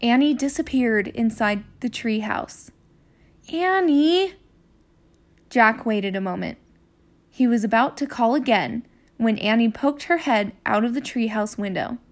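A woman teacher hosting her own podcast, reading a children's chapter book aloud in a clear, expressive way. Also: on the high side, moderate pace.

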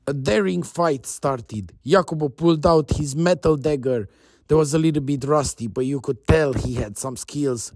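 A man narrating a story in a casual, animated, chatty way. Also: medium pitch, no room sound, studio quality.

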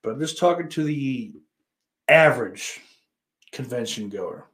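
A man with a mid-pitched voice hosts a livestream and talks loosely to his viewers. He rambles and curses freely, then bursts into loud greetings now and then. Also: lively intonation, unhurried. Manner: crude and profane, talks to chat. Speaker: livestream host. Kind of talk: casual livestream chat with viewers.

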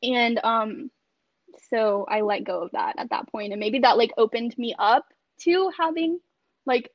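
A woman's voice: on the high side, measured pace, no echo. Chatty young woman on a dull video call. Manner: chatty, many fillers, laughs often. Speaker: podcast guest. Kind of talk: casual conversation on a video call.

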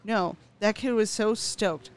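A woman's voice: mid-range voice, slow pace. A woman co-hosting a podcast in casual chat, who laughs often, swears freely and acts out the people in her stories with big jumps in her voice. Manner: laughs often between lines. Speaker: podcast co-host.

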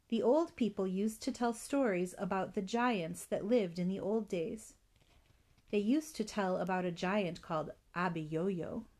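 A woman telling a children's story, expressive and adding spoken sound effects. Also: mid-range voice.

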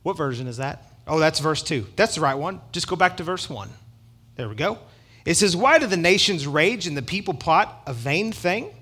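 Guy preaching a sermon, pretty high voice, punchy and chatty, middle-aged. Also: pushed and bright. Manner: preachy, emphatic and conversational with asides. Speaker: pastor.

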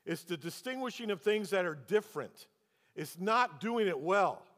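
A man's voice: high voice, expressive, moderate pace, fairly bright tone. A man preaching as a pastor, telling a personal story and then pressing the congregation with rhetorical questions. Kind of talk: sermon. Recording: long hall reverb.

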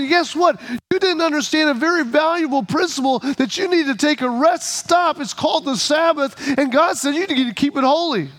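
A man's voice: extremely high pitch, fairly bright tone. A man preaching a sermon as a pastor, in a conversational, humorous storytelling way.

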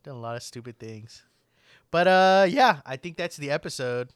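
A man's voice: on the high side, lively intonation, moderate pace, clear, resonant tone, no room sound, studio quality. A young man co-hosting a podcast in a laid-back, casual way, swearing often. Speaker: podcast co-host. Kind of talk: casual chat.

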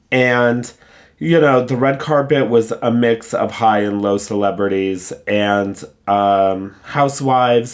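A man who reads a gossip article aloud, then gives his candid, opinionated take in a casual, conversational way. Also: lowish voice. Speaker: pop culture commentator.

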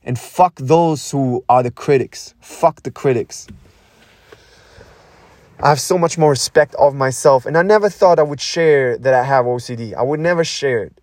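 A man's voice: medium pitch, a little mellow, dry recording. Intense swearing young man, dry sound. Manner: intense, repetitive, swears a lot, pauses to breathe. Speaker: podcast host. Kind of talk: raw unscripted monologue.

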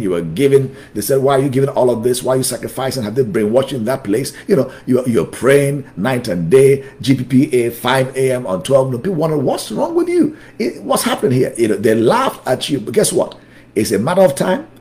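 Male pastor, fervent preaching voice, very animated pitch, emphatic repetition, Bible study sermon. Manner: fervent, emphatic repetitions, swings between loud and soft.

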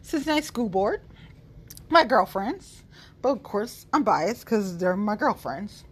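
A woman's voice: medium pitch, animated, unhurried, breathy edge. A woman giving a casual, profane, sassy monologue about local politics straight to her viewers. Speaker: political commentator. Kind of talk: casual unscripted monologue to followers.

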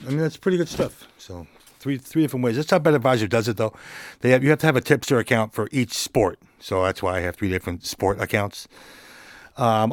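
A man's voice: medium pitch, dry recording, studio quality. A man hosting a casual solo podcast, laid-back and joking, chuckling now and then as he talks. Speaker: podcast host.

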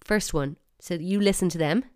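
A woman's voice: lowish voice, moderate pace, darkish tone, clean tone. A woman with an Irish accent hosting a solo podcast, chatty and wry, with bursts of mock outrage. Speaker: podcast host.

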